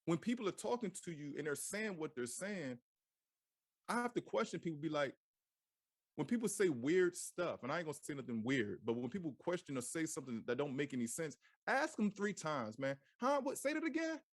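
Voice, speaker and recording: Guy preaching bible stuff casual, high voice bouncing all over, keeps repeating himself. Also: brisk, dry recording, clean studio sound. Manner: animated, repeats phrases, asks rhetorical questions; casual slang-laced delivery. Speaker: Bible teacher. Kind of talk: informal scripture teaching.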